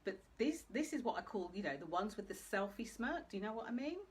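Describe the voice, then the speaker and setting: A woman's voice: mid-range voice, expressive, fairly quick. A woman hosting a live video talk, speaking straight to her viewers in a chatty way. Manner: chatty, addresses viewers directly. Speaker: host.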